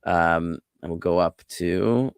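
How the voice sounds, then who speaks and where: A man, a rabbi, giving a relaxed online class on Biblical Hebrew, explaining words patiently and wandering off into asides. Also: low voice, takes it slowly, clean tone, no echo. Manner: relaxed, explanatory, digressive with fillers.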